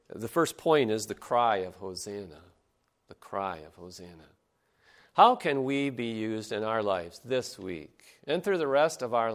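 A man preaching a sermon, his voice at a middle pitch. He reads the old scripture aloud and then talks easily with his congregation, getting them to repeat words back to him. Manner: engages congregation, leads call-and-response; reads scripture in King James English, then preaches conversationally. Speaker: pastor.

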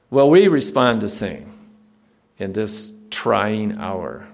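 A man preaching a sermon with emphatic rising appeals, then praying quietly. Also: lowish voice, sing-song, slow, creaky. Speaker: pastor. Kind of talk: sermon closing in prayer.

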